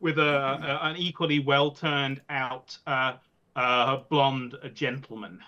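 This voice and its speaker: A man narrating as game master, talking in halting bursts with many fillers. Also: mid-range voice, fairly even intonation, pushed and bright. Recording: dull lo-fi mic.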